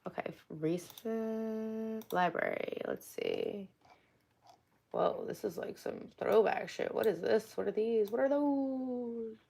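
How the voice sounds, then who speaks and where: A young woman chats on a live stream from home. She is sarcastic and quick to swear, and she reads viewers' messages aloud in a mocking, playful tone. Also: medium pitch, very animated, gravelly, darkish tone. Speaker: livestream host. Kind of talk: casual livestream chat.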